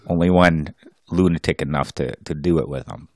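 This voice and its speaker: A man's voice: a bass voice, normal speed, no room sound, studio quality. A man co-hosting a podcast, teasing and wisecracking and laughing often in casual banter. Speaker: podcast co-host.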